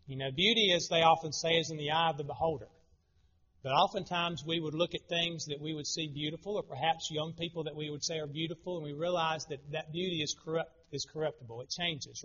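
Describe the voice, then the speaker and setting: Earnest preacher man, bright lo-fi sermon. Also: fairly high pitch. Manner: earnest, repeats words when starting phrases. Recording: dull lo-fi sound.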